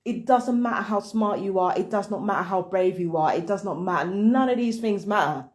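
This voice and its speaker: A woman's voice: medium pitch, a little fast. A woman vlogger giving blunt, heated commentary on a phone call, cussing and ranting.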